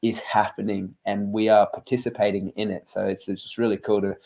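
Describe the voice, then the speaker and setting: A man's voice: lowish voice, level tone, fairly quick, vocal fry, darkish tone. A male host speaking earnestly in casual interview chat, with many ums and uhs.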